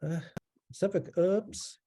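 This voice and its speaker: A man teaching an online language class, explaining in a relaxed way with frequent ums and pauses. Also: high voice.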